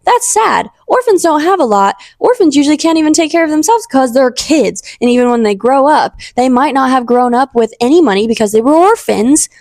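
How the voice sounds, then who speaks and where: A young woman talks through her faith in a casual, earnest way, rambling and often restarting her sentences. Her voice sits fairly high. The sound is close and dry, with no room echo. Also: animated, a little fast, few pauses, darkish tone. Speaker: podcast host.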